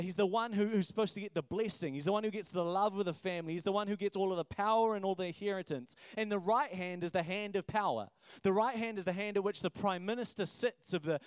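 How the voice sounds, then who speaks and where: Aussie pastor guy preaching, high voice, acts out bits, restarts words, dry sound. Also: no echo. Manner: animated, acts out quoted voices, repeats words when emphatic. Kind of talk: sermon.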